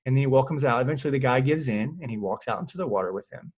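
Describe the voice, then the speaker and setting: A man's voice: medium pitch, racing, breathy edge. A man who coaches fitness clients, chatting casually on a podcast and telling stories with lots of fillers. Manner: animated storyteller, lots of fillers.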